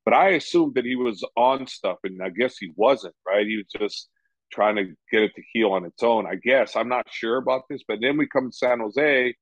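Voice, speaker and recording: A man's voice: medium pitch, moderate pace, no room sound. A man who coaches fighters, speaking in a casual interview, rambling and repeating "you know" often. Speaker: MMA coach. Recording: dull lo-fi sound.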